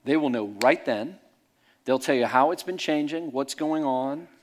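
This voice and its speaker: A man's voice: medium pitch, measured pace, slight background noise. A man preaching a sermon, telling stories in a candid, emphatic way. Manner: animated storytelling, candid and emphatic. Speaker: pastor.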